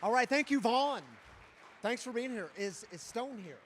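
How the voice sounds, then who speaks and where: A man's voice: very high-pitched, animated, moderate pace, background noise. A man hosting an open mic, thanking performers and calling up the next one in an upbeat way. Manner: upbeat, calls for applause. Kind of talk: emcee introductions.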